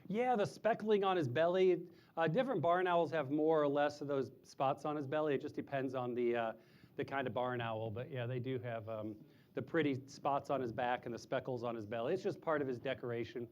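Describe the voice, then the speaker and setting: A man speaks fairly quickly in a somewhat mellow voice, with a little background noise, while presenting live animals at a show for children. He explains things in easy, chatty terms and sometimes breaks into high owl-like hoots.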